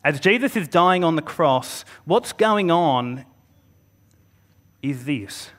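A man preaching a Good Friday sermon in an earnest manner, pausing for emphasis and sometimes restarting a phrase. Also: a little high, lively intonation, a bit bright.

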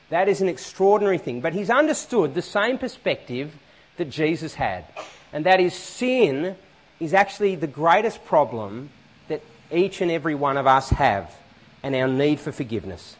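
A man preaching a sermon in a church hall, animated and often asking the congregation questions. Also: a little high, moderate pace.

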